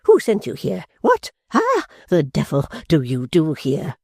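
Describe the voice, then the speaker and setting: A reader voicing a proud, touchy elderly gentleman, pompous and slow, stalling on "ah" between stern phrases in a storybook reading. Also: mid-range voice, huge pitch swings, gravelly, slightly rough, no echo, studio quality, heavily acted. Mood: furious. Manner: pompous, hesitant "ah" fillers, slow stern speech.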